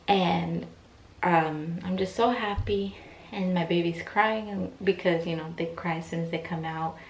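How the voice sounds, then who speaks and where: A woman's voice: fairly low pitch, fairly even intonation, unhurried, distant mic, a little hiss or hum. A young woman telling a personal story in a casual, chatty way, with many fillers and acted-out quotes. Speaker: vlogger. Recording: echoey room, voice from off mic, faint ambience.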